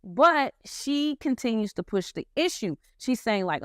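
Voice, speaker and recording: A woman's voice: a little high, big pitch swings, measured pace, no room sound, studio quality. A woman casually retelling a story in slangy commentary, acting out the quotes as she goes. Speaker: commentary host.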